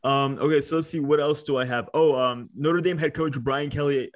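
A man's voice: a little high, fairly even intonation, moderate pace. A man co-hosting a casual sports podcast over a video call, rambling with lots of fillers and casual swearing. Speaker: podcast co-host.

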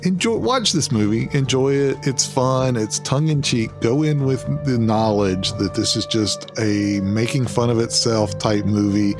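A man's voice: medium pitch, a little slow, few pauses, music in the background. A man hosting a casual movie review podcast, running the segments and laughing easily. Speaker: podcast host.

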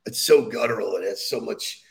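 A man's voice: fairly low pitch, brisk, gravelly. A man co-hosting a podcast, enthusiastic and leading the topics in casual chat, chuckling between points. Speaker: podcast co-host.

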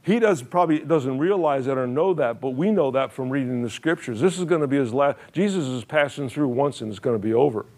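This pastor talks fairly quickly with hardly any pauses, in a medium-pitched, slightly mellow voice. He preaches emphatically in plain, folksy speech, repeating phrases, questioning listeners, and frequently using "uh" and restarts.

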